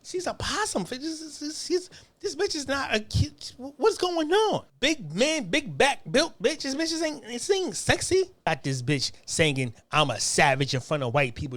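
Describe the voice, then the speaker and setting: High-pitched, animated man ranting. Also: dry recording. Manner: animated, crude and heated, stammers repeated words. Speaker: political commentator. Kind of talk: profane political rant.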